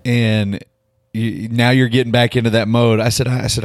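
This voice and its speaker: This middle-aged man hosts a podcast in a clean, dry studio recording, his mid-range voice moving little in pitch at a normal speed. He chats casually in an interview style and often repeats words as he starts his sentences.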